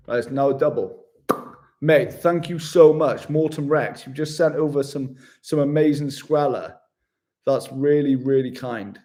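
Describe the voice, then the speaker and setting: A mellow, mid-range male voice belongs to a travel vlogger doing casual livestream chat with his viewers. Upbeat and chummy on this live travel stream, he refers to them as "mate".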